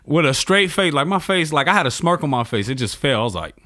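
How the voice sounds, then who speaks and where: A man's voice: on the high side, fast, dry recording. Slangy storytelling man, dry close sound. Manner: animated storyteller, slangy, swears freely. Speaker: comedian guest. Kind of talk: casual podcast chat.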